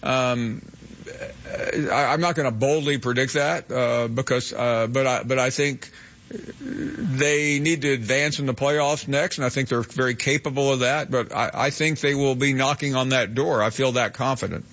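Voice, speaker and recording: A man hosting a sports call-in radio show, answering callers in a measured, hesitant way. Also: medium pitch, fairly bright tone. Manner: measured, hedging with fillers. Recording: slightly muffled radio audio.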